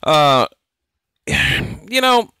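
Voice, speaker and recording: Dude doing a boxing vlog rant, smooth clear voice, dry sound, keeps laughing. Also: male voice, fairly high pitch, drawn-out words, no room sound, rough recording. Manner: animated, laughing, repeats himself, mimics others. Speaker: boxing channel host. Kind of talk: casual commentary vlog.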